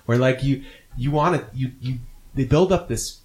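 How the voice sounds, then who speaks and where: A man's voice: medium pitch, normal speed, a little mellow. A man chatting casually about a film on a podcast. He rambles, circles back and restarts his sentences often. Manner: rambling, many restarts and fillers. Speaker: podcast co-host. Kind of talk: casual movie review chat.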